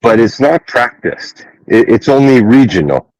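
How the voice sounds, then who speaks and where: A man's voice: mid-range voice, sing-song, unhurried, a little mellow, rough recording. A Canadian man in a casual conversation, explaining things patiently and laughing often. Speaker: host.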